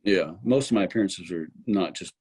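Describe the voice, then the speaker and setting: Deep husky guy in his 50s, casual storytelling, acts out what he was thinking. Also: a little fast. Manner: animated storyteller who acts out his own remembered thoughts. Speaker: former relief pitcher, interview guest.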